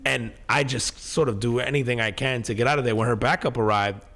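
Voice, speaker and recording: A middle-aged man spins a story on a podcast, swearing freely and tripping over his own restarts. His voice sits at an ordinary pitch but jumps up and down as he acts out the scene. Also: fairly quick. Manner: animated, profane, many fillers and restarts. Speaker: podcast co-host. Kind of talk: casual storytelling chat.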